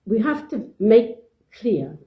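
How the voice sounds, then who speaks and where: A woman's voice: fairly high pitch, sing-song, takes it slowly, roomy sound, lo-fi sound. A woman giving informal parenting advice off the cuff, with many fillers and restarts, acting out short parent and child exchanges. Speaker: parenting speaker.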